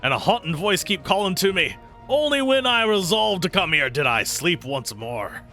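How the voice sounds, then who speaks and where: A gruff, booming dwarf warrior, as a man puts him on while reading game dialogue. The brogue wanders loosely around a Scottish sound. The delivery is loud, raised and proud, with bright, lively inflection. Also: normal speed, soft background music, exaggerated voice. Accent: put-on mixed Scottish-like brogue.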